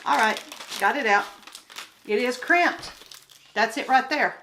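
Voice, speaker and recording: A woman's voice: fairly high pitch, measured pace, heavy background noise. A woman crafts vlogger chatting casually to her viewers while unboxing kits at home, talking straight to the camera and getting exasperated over problems. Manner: chatty, addresses viewers directly, grows exasperated.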